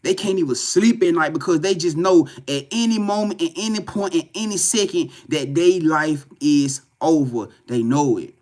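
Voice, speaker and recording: Man, fairly high voice, live tarot reading, profane, repetitive, animated. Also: normal speed, hardly any pauses, slight background noise. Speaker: tarot reader. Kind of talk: live spiritual reading stream.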